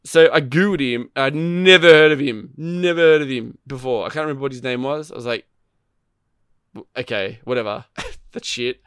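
A man's voice: fairly high pitch, fairly quick, few pauses, smooth, no room sound, clean studio sound. A man chatting casually about a video game, telling rambling stories with plenty of swearing. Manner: rambling, profane, animated storytelling. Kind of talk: casual gaming chat.

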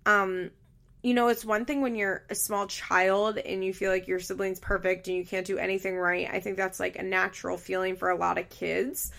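A woman's voice: medium pitch, little pitch movement, moderate pace, gravelly, fairly bright tone. A woman giving casual, blunt commentary on a reality show, swearing often and sharing her opinions.

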